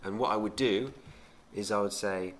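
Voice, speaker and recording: A man's voice: on the low side, moderate pace, a bit bright, a little hiss or hum. Boastful man in defiant banter. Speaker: podcast co-host. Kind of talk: casual chat.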